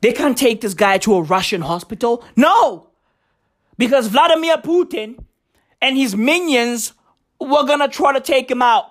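A woman hosting a comedic podcast, ranting in slangy, profane, excitable talk. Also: a little high, measured pace. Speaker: podcast host.

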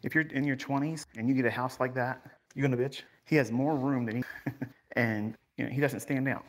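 A man's voice: medium pitch, fairly even intonation, brisk. A man in his fifties giving a rambling, boastful house tour on a livestream, laughing often, his voice strained by back pain. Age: 50s. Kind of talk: casual livestream walkthrough.

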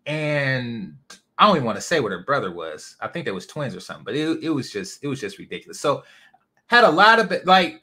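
A man's voice: mid-range voice, pushed and bright. A man from California hosting a casual livestream, ranting bluntly with lots of profanity and rambling asides. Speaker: host.

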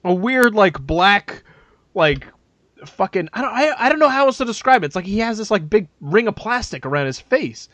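A man with a high voice tells a story with animated energy, swearing freely and laughing mid-sentence. His voice is recorded dry and close, with no room sound. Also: moderate pace, no echo. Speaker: podcast co-host. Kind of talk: casual comedic storytelling.

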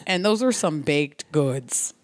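A woman's voice: sits low, expressive, takes it slowly, dry recording. A woman co-hosting a podcast in casual chat, chatty, laughing often and full of fillers.

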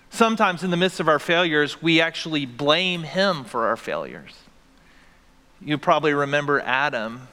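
A man's voice: on the high side, sharp tone, clean tone, big-room sound. A man preaching a sermon as pastor, with dynamic delivery that acts out the voices he quotes. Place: church sanctuary.

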